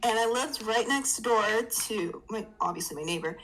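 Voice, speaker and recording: A woman's voice: on the high side, animated, normal speed, a bit bright, slight background noise, low-quality recording. A woman guest on a casual podcast, telling a self-mocking childhood story with laughter.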